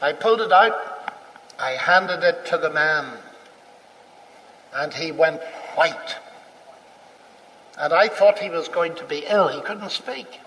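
High-voiced storytelling man in a reverberant hall. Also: takes it slowly, pauses often, slight background noise. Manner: animated, acts out dialogue, chuckles. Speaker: speaker telling a personal story. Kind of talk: anecdotal storytelling to an audience.

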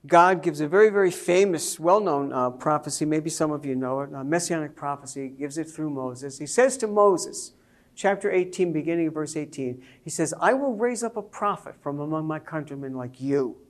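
A man's voice: on the high side, normal speed. A man preaching a sermon to a congregation, telling a family story and building to emphatic points. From Jewish believer speaking to a congregation. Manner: storytelling, animated, rising to emphatic peaks.

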